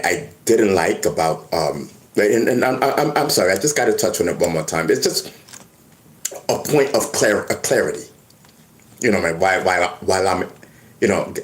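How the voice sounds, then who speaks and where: Animated New man in echoey room. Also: deep voice, moderate pace. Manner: animated storytelling with many restarts and stammers. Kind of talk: casual monologue to camera.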